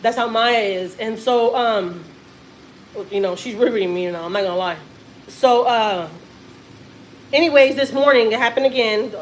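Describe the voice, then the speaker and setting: A woman's voice: fairly high pitch, normal speed, pauses often, a little hiss or hum, rough recording. A woman in her thirties from Texas, a mother telling a family story in a rambling, emphatic way on a casual live stream.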